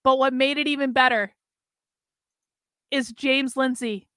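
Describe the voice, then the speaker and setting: A woman host reading a comic fan story aloud, then commenting on it with dry, deadpan delivery. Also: high voice, a little slow, smooth, dry recording.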